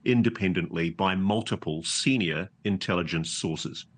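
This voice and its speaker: Man, Australian accent, low voice, confident, measured, journalist. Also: slightly rough. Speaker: journalist guest. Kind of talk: TV news interview.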